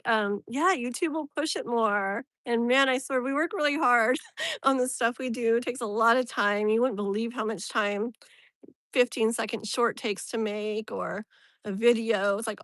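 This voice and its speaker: A woman's voice: fairly high pitch, unhurried, a bit bright, no echo. Woman chatting on her tarot live, lots of likes and ums, laughs a bunch, dry no-room sound. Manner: chatty, laughs often, greets viewers by name; rambling, filler-heavy. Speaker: live-stream tarot reader. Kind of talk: casual live-stream chat.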